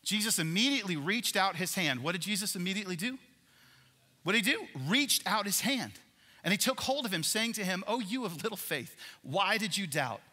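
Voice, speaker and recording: A man preaching a sermon in a church worship center, animated and asking the congregation questions. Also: high voice, a little fast, husky. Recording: long hall reverb in a church.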